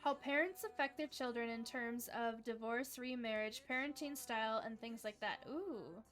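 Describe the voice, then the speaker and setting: Young woman, fairly high voice, chatty livestream trivia host, upbeat, faint music underneath. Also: normal speed, a bit bright. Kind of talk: casual livestream chat.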